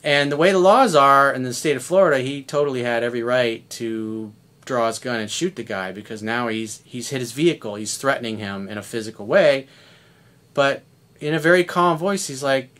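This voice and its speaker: A man in his fifties with a voice of ordinary middle pitch, talking as a dating coach. He speaks bluntly and conversationally, swearing casually as he works through a coaching monologue. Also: normal speed, a bit bright. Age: 50s.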